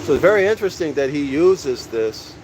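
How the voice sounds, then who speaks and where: A man's voice: on the high side, expressive, fairly quick, noisy background. A man giving a teaching lecture from a book, repeating key phrases and asking his listeners questions, calling them "y'all".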